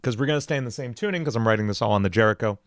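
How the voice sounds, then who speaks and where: A man's voice: medium pitch, expressive, very fast, no room sound, clean studio sound. A man hosting a casual music livestream, talking in a rambling way with many fillers and laughing easily.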